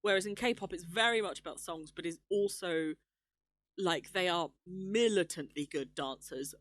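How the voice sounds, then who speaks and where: A woman's voice: fairly low pitch, moderate pace, a bit bright, dry recording, studio quality. A young woman co-hosting a casual podcast, chatty and enthusiastic, laughing often. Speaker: podcast co-host. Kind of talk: casual chat.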